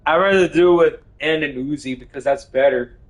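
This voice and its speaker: A man streaming a video game live, reacting excitably, swearing and shouting. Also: fairly high pitch, fairly quick. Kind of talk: live gaming stream commentary.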